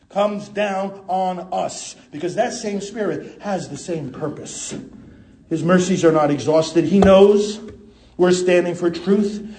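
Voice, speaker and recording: High-voiced impassioned male preacher. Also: roomy sound. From United States. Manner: impassioned, swings between loud emphasis and quiet asides. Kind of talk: sermon.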